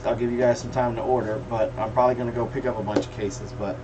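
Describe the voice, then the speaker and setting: A man's voice: mid-range voice, level tone, fast, muffled recording. A middle-aged man hosting a casual livestream, telling folksy jokes and stories. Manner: folksy, joking storyteller. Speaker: livestream host. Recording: distant mic with faint room noise.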